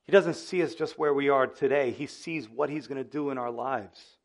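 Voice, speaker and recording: A male pastor preaching a sermon in an animated, conversational way, often speaking straight to his listeners. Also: mid-range voice, normal speed.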